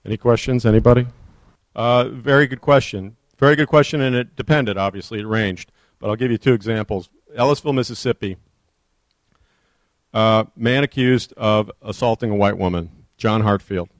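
Author at a book talk: lowish male voice, dry recording, earnest narrator of history. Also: moderate pace, no room sound.

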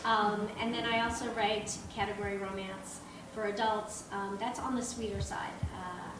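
A woman's voice: mid-range voice, fairly even intonation, moderate pace. A woman author introducing her books at a live panel, bubbly and full of fillers. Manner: bubbly, many fillers, giggly asides. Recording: echoey room, far from mic, noisy.

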